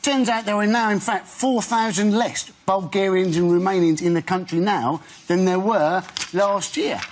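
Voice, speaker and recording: High-voiced man telling deadpan jokes. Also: moderate pace. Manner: dry storytelling building to a punchline. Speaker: panelist. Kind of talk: stand-up style panel jokes.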